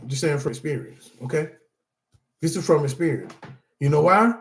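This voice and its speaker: In a reverberant space, a middle-aged man draws on his own experience to teach anger management. His fairly high, animated voice moves at a moderate pace as he repeats points emphatically and keeps calling everyone "y'all."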